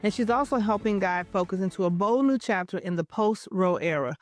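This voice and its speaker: A woman's voice: mid-range voice, expressive, fairly quick, soft background music. A woman hosting a podcast interview, introducing her guest and offering affirming replies. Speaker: host.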